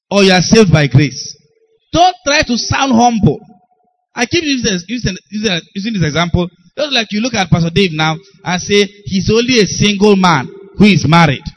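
A man's voice: high-pitched, very animated, normal speed, a bit bright, faint music behind, poor audio. A man preaching a sermon, emphatic and repetitive, often calling out to his congregation. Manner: emphatic, repeats phrases, calls out to congregation.

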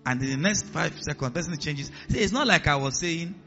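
A man's voice: on the high side, expressive, brisk, bright, forceful tone, muffled recording, soft background music. A man preaching a sermon as pastor, acting out voices in his stories and dropping to a hiss for commands. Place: church hall with a congregation.

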